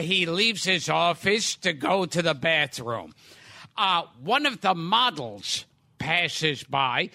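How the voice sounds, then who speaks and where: Very high, gravelly comedian telling a joke. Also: male voice, bright, forceful tone. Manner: stammering, cracking up at himself. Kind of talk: telling a dirty joke to a live table. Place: private club room.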